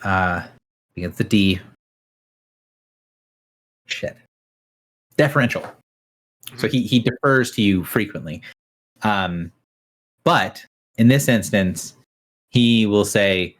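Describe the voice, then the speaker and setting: A man's voice: lowish voice, slow, pauses often, a bit bright. A man narrating a tabletop game as game master, talking casually with frequent fillers. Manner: casual, hesitant, many fillers.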